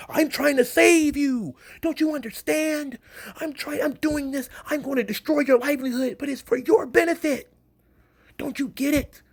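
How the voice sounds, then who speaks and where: A man's voice: extremely high pitch, steady tone, unhurried, pitched above the performer's own voice. A man voicing a whiny, sanctimonious do-gooder who pleads in mock sincerity. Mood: pleading. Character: whiny preachy self-righteous do-gooder man.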